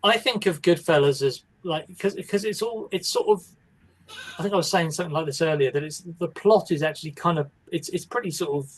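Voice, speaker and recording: A man's voice: fairly high pitch, brisk, breathy edge. A man co-hosting a casual film discussion, rambling with many restarts and fillers. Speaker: podcast co-host.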